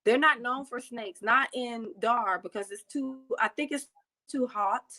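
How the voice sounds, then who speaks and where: A woman's voice: fairly high pitch, a little slow, bright, forceful tone, poor audio. A woman from the United States speaking as an interview guest, chatty, with frequent fillers and restarts. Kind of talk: casual interview talk.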